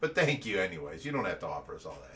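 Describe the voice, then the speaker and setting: A man's voice: sits low, racing, recorded from a distance. A man from Ohio hosting a casual live-stream chat, telling stories with lots of energy and frequent laughter. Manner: animated storytelling, laughing often. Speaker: show host.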